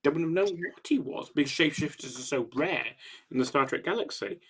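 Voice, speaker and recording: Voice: medium pitch, animated, brisk, slightly rough. A co-host in a casual podcast chat, reflecting on an episode and chiming in with short agreements.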